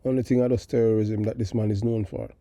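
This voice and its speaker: A middle-aged Jamaican-accented man hosts a call-in talk show, switching between patois and standard English as he delivers emphatic, rambling political commentary. His voice is lowish, steady and mellow, with a quick pace. The recording has no room sound.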